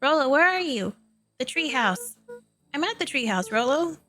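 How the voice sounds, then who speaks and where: Brief: earnest brave young boy, voiced by a woman, anxious and urgent, pitched up. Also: big pitch swings, moderate pace, a bit bright, soft background music.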